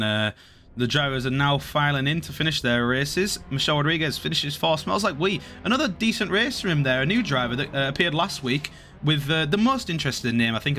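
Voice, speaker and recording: Bright-voiced excitable male race commentator. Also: medium pitch, slight background noise. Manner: excitable, calls positions quickly. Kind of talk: sim racing commentary.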